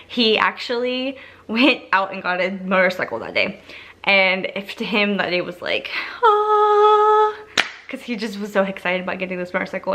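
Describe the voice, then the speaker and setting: A woman's voice: medium pitch, bright, forceful tone. A young woman telling a personal story in a casual, chatty way, full of "like" fillers and acted-out quotes. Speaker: vlogger.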